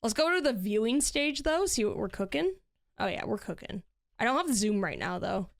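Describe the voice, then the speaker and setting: A woman's voice: fairly high pitch, very animated, normal speed, creaky. A woman streaming and chatting casually while she builds in a game, laughing often.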